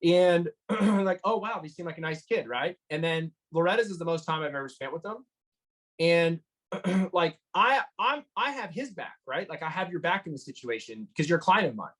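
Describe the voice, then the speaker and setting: A man giving an interview, retelling a tense encounter in an animated way, with lots of fillers and restarts. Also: a little high, normal speed, poor audio. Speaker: motorcycle engine builder guest. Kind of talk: storytelling interview.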